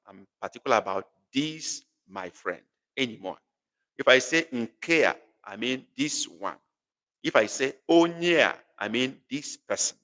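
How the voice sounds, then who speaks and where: Nigerian male tutor, bright and forceful, playful, calls students by name, long room reverb. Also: medium pitch, animated, normal speed. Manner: teasing, repeats phrases, calls on students by name. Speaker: language tutor. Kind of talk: live online class.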